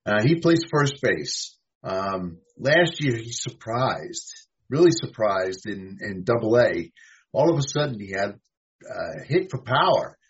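Guest: low, husky man from New York, hesitant, lots of ums, lo-fi audio. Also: sing-song, measured pace. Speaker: fantasy baseball guest, former editor. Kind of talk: casual sports chat. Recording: dull lo-fi sound.

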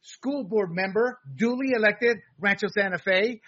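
A middle-aged man hosts a political talk show in an opinionated, lecturing tone, with plenty of filler words. His voice sits high and is husky. The sound is dull and lo-fi. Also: a little slow, fairly bright tone. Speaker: host.

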